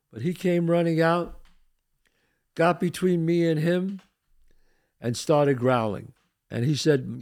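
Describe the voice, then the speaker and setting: A man's voice: on the high side, a little mellow. An older man hosting a talk show, telling a personal story in a casual, streetwise way, full of asides to his co-host. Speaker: podcast host.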